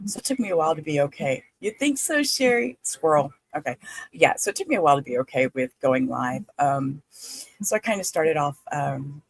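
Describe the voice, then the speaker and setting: A woman, hosting a livestream in a chatty, halting, excitable way. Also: low-pitched, creaky, husky, dry recording, poor audio. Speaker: livestream host. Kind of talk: casual livestream chat.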